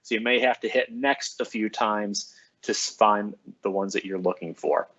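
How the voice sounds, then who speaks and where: A man's voice: fairly low pitch, normal speed, fairly bright tone, slight background noise. Upbeat man on a lo-fi live stream. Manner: upbeat and chatty, greeting viewers by name. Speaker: school librarian hosting a live stream. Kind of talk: casual live-stream address to students. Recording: slightly dull, lo-fi sound.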